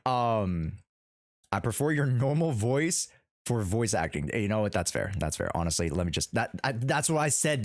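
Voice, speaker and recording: A man's voice: lowish voice, very animated, normal speed, no echo, studio quality. A man hosting a livestream in casual, playful chat, rambling with many fillers. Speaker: streamer and host.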